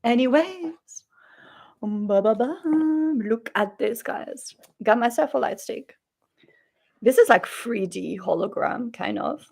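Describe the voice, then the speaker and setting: A woman vlogger telling a story in a chatty, animated way, acting out the people she quotes. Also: mid-range voice, a little slow, gravelly, breathy edge.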